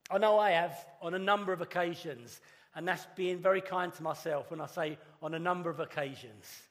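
A man's voice: fairly high pitch, fairly bright tone. Earnest man preaching in a reverberant church. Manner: earnest, conversational with dramatic pauses. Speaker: pastor. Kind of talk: sermon. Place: church hall. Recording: long reverb of a church hall.

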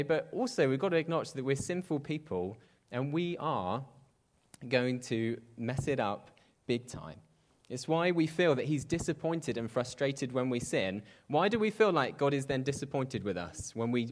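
A man's voice: medium pitch, animated, moderate pace. Conversational man preaching a sermon. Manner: conversational, self-deprecating asides.

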